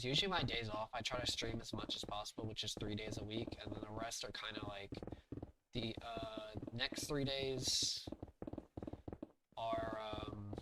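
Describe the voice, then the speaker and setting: A man with a mid-range voice chats with viewers while live-streaming a game, against a noisy background with music. His talk is casual and rambling, thinking aloud and full of fillers.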